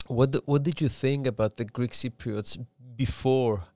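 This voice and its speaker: A man's voice: mid-range voice, normal speed, warm tone, no room sound. Hesitant man hosting a podcast. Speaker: podcast host. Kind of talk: casual interview.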